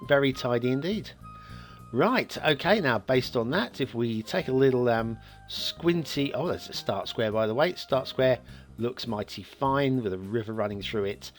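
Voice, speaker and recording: Lively, chuckling man reviewing game maps. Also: medium pitch, moderate pace, soft background music. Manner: rambling, chuckles often, self-mocking asides. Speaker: map review show host. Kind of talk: casual gameplay commentary.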